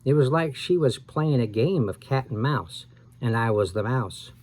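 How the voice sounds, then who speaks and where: A man's voice: mid-range voice, expressive, measured pace, a little mellow. A man reading a scary children's book aloud with expression, now and then correcting himself. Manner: reads with expression and small self-corrections. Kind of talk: dramatic read-aloud of a scary children's story.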